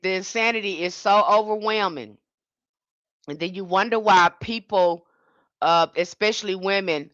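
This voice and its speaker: Woman for a livestream rant: indignant and emphatic, bright sharp tone, dry lo-fi mic. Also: mid-range voice, no echo. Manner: emphatic, indignant, with frequent restarts. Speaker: livestream host. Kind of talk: impassioned livestream monologue.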